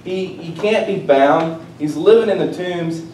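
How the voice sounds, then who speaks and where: A man preaching a sermon, swinging between loud, excited exclamations and hushed, quiet asides. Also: measured pace. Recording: roomy, distant mic with faint rumble.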